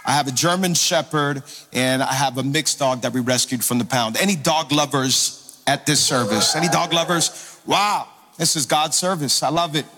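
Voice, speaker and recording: A man preaching to his congregation as a pastor, energetic and playful, calling out to the crowd. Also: fairly high pitch, normal speed. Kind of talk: sermon. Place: church sanctuary. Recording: long hall reverb with faint music.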